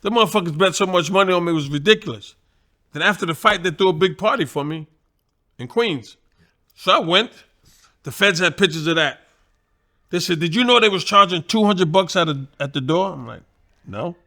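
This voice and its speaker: High, bright-voiced New York man. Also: a little fast. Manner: profane, animated, laughing. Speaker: guest, boxing trainer. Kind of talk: casual storytelling.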